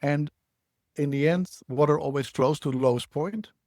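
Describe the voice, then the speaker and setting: A man, a guest on a podcast, speaking in a measured, reflective way with frequent restarts. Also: on the high side, darkish tone, dry recording, studio quality. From Netherlands. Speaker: guest, startup CEO. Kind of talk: podcast interview.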